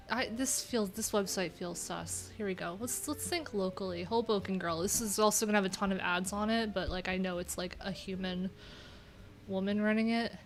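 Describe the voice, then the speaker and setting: A woman's voice: medium pitch, fairly bright tone. A woman from New York with a nasal voice, chatting candidly and rambling on a casual livestream from a room at home.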